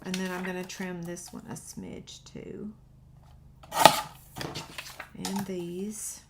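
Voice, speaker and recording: A woman's voice: fairly low pitch, little pitch movement, measured pace, heavy background noise. A woman hosting a paper-craft tutorial, chatting with viewers in a self-deprecating way while she works, with a slightly runny nose. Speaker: paper-craft video host. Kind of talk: casual crafting tutorial chat.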